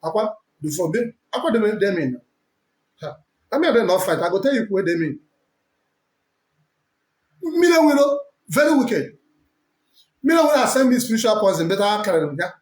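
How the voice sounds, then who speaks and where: A man with a Nigerian accent preaching forcefully as a prophet, switching between English, Pidgin and Igbo. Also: sits high, big pitch swings, brisk, pauses often. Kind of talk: preaching to camera. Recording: echoey room.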